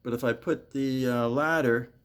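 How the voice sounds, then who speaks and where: A man's voice: steady tone, normal speed, a bit bright, clean tone, no echo. An older man vlogging while weeding his yard outdoors, rambling and repeating himself, sighing and a bit winded. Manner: coaxing high calls to his pet. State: getting winded. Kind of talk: casual vlog chat.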